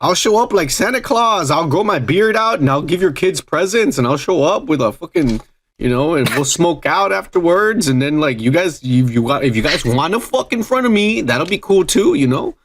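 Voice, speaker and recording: Profane rambling man, high voice. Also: lively intonation, normal speed, a little hiss or hum. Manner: profane, rambling, repeats "yeah, yeah". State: drinking on air. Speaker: podcast co-host. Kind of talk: casual chat.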